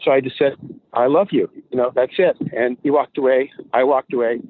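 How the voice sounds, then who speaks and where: A man telling an animated story as a guest on a podcast, acting out the people in it. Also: mid-range voice, fairly quick. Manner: animated storyteller, acts out voices. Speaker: guest promoter. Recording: tinny phone line.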